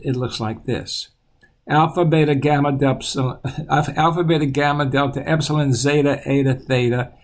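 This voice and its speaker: A man teaching children the alphabet, patiently repeating each letter aloud in a steady voice. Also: mid-range voice.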